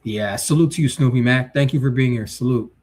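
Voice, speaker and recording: A man's voice: mid-range voice, brisk. A male livestream host chatting casually, reading viewer comments and giving blunt, slangy takes. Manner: blunt, animated, street slang.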